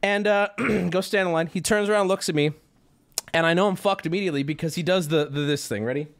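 A male streamer with a fast, high-pitched voice tells a story to his chat, laughing, swearing and playing out voices in an animated, casual way.

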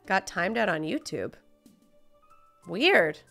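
A woman streaming a video game live, jumpy and excitable, swearing and laughing as she plays. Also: fairly low pitch, slow pace, gravelly, faint music behind. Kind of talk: live gameplay commentary.

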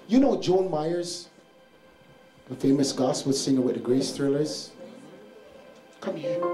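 A man preaching as pastor, telling a family story to his congregation in a church service. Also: on the high side. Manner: shouting exhortations, then telling a family story. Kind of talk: sermon. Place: church sanctuary with music. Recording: echoey church with instrument behind.

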